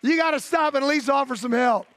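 A man with a Southern US accent, a pastor preaching a sermon in folksy, emphatic storytelling that drops to a hush for drama. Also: very high voice, fast, some chatter behind. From Southern United States. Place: church sanctuary.

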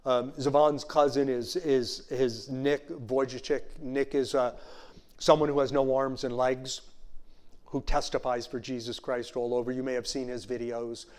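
A male pastor preaching a sermon in a conversational way, full of "you know" asides and slowing down to stress key phrases. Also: mid-range voice, little pitch movement, darkish tone. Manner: slows down to stress scripture phrases.

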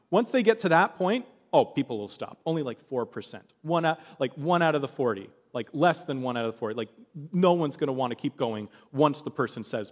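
A man's voice: on the high side, animated, brisk, long reverb tail. A man preaching a sermon, telling a story with animation and acting out the voices of the people in it.

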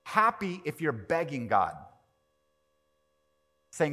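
A man preaching a sermon as pastor, animated, swinging from quiet to loud and acting out quoted prayers. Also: mid-range voice, normal speed. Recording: long reverb of a large hall.

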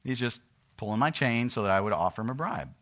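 Bright-voiced preacher, loud then hushed. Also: male voice, expressive, quick pace. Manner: preaching, swings from loud emphatic scripture reading to low conversational storytelling. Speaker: pastor. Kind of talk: sermon with personal story.

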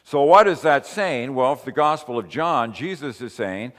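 A man's voice: mid-range voice, expressive, normal speed, hardly any pauses, fairly bright tone, big-room sound. A man giving a conversational sermon, walking through a Bible passage and putting questions to his listeners. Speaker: preacher.

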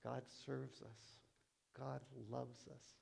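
A male pastor delivers a sermon at an unhurried, deliberate pace. His voice carries a gravelly, creaky edge, and he talks in a prayerful way, stressing his points through repetition. His pitch sits in a middling range for a man. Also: flat delivery, darkish tone. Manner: slow, prayerful, repetitive emphasis.

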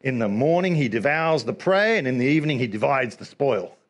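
A man preaching a sermon in an animated way. He laughs often and acts out little scenes as he talks. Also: medium pitch, a little fast.

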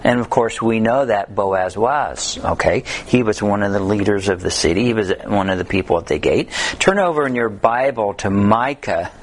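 A man's voice: on the low side, moderate pace, hardly any pauses. A man teaching a Bible study in a conversational way, telling humorous stories and reading scripture aloud.

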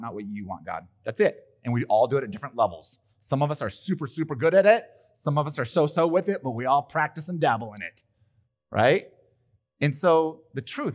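Lively man preaching a casual sermon. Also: mid-range voice. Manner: lively, conversational preaching with playful asides. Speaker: pastor. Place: church hall.

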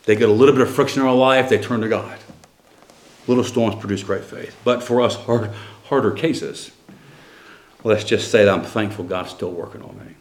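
Speaking at normal speed in a lowish voice, a middle-aged man preaches in a reverberant church sanctuary. This pastor works a personal story into his sermon, loosely and conversationally, often starting over mid-thought.

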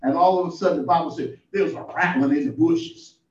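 A man's voice: on the high side, fast, darkish tone. A man preaching an informal sermon in a folksy storytelling way, building up to exclamations. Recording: distant, echoey, muffled room recording.

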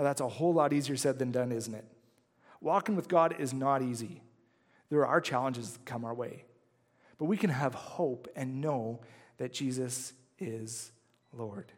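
A man's voice: mid-range voice, a little mellow. A man preaching a sermon as pastor, earnest and conversational, often checking in with the congregation. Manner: earnest, conversational preaching with frequent "right?" asides. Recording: long reverb of a large hall.

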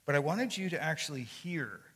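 A man's voice: a little high, animated, a little fast, fairly bright tone, husky. An older man giving a sermon as a guest speaker. He tells stories in a conversational way with frequent fillers and restarts. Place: church sanctuary. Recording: long echo of a large hall.

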